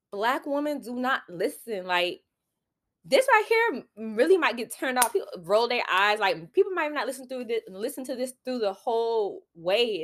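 A woman's voice: on the high side, a bit bright. A young woman, hosting a solo podcast and giving candid, preachy advice full of "like" fillers. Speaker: podcast host.

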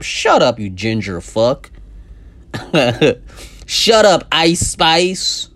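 A young man hosts a podcast, ranting in a loose, profane way. His voice sits a bit high for a man and swings from loud outbursts to low asides. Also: big pitch swings, takes it slowly. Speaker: podcast host. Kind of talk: casual comedic rant.

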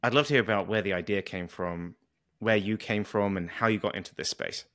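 A man's voice: lowish voice, brisk, a bit bright. A man with a British accent hosting a podcast interview, chatting in a friendly, enthusiastic way. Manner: friendly, enthusiastic, loose with small restarts. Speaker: podcast host. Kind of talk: casual interview chat.

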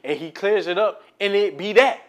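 A man's voice: sits high, normal speed. A young man co-hosting a podcast in casual sports talk, blunt and profane, arguing his point firmly. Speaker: podcast co-host. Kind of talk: casual sports and music chat.

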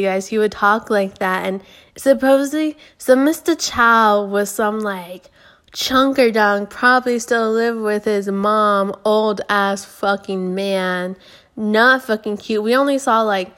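A woman's voice: medium pitch, measured pace, fairly bright tone. Rambling, foul-mouthed young woman podcaster. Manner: rambling, profane, with many fillers. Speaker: podcast host. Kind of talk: casual storytelling.

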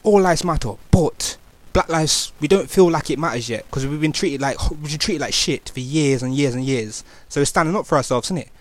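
A young man from England with a Nottingham, East Midlands accent gives a casual personal testimony in street slang, full of fillers and restarts. His voice is fairly high and fairly quick, with no echo.

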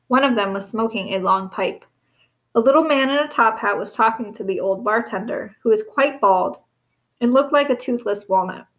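A woman narrates a children's storybook with steady, expressive pacing. Her voice sits somewhat high. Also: moderate pace, low-quality recording. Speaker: audiobook reader.

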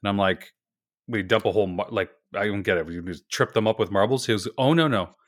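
A man's voice: lowish voice, fast talker, no echo, studio quality. A man co-hosting a podcast, telling stories in a profane, exasperated rant. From Canada. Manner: profane, ranting, exasperated storytelling. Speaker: podcast co-host. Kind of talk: casual chat.

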